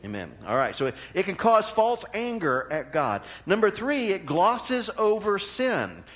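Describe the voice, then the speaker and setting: A middle-aged man preaching a sermon as pastor, earnest and conversational, rising to emphatic peaks and dropping to quiet asides, often checking in with the congregation. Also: big pitch swings, measured pace. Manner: swings between raised emphatic peaks and low, quiet asides.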